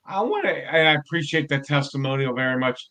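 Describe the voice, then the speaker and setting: A man hosting a casual interview as company chief, talking with high energy and enthusiasm. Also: expressive, fast, pushed and bright. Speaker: host and company CEO.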